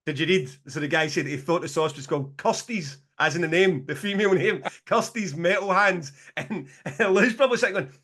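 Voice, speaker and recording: Scottish male co-host, higher register, lively and sweary, laughs a lot. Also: fairly quick, few pauses. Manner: animated, sweary, laughing storyteller. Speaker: podcast co-host, promoter. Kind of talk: casual podcast chat.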